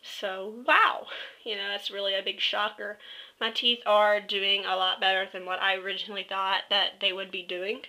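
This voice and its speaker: A woman's voice: mid-range voice, little pitch movement, moderate pace, bright, forceful tone, rough recording. A woman talking to her camera at home, giving a chatty, rambling update full of fillers and self-corrections. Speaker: vlogger. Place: at home, indoors. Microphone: built-in camera mic, close to face.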